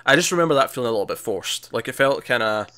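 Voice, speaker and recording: A man's voice: medium pitch, expressive, rapid-fire, pushed and bright. A man co-hosting a casual film chat, with a mid-range voice. He talks in a loose, chatty way, laughing easily and restarting his sentences as he goes. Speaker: podcast co-host. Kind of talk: casual movie discussion.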